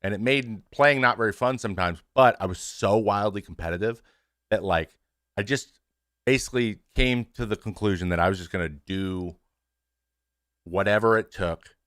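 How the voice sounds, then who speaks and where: Speaking to his stream audience at a moderate pace, a former pitcher in his thirties hosts his show frankly and casually, swearing and restarting a lot. His voice is a bit bright, and the recording is dry with studio quality.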